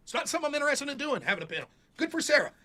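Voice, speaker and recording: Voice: high voice, very animated, rapid-fire, bright, forceful tone, slight background noise. A streamer in a played clip, ranting with sarcasm and indignation and swearing heavily. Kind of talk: angry profane rant.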